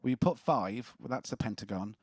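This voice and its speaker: A man's voice: lowish voice, brisk, no room sound, studio quality. A man hosting a casual quiz, reading questions and joking between answers. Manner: jokey, chuckling as he reads questions. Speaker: quiz host.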